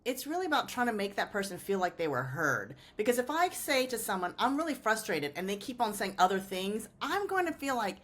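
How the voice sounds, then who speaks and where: A woman hosting a podcast conversation, explaining ideas through examples. Her pitch moves around a lot, and she often checks in with a quick "right?". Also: very animated, a bit bright. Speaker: host, lawyer.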